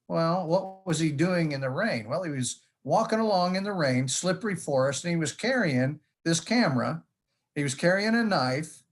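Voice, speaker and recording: A man giving a conference presentation in a folksy storytelling manner, with jokes along the way. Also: a little high. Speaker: conference speaker. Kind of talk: presentation talk.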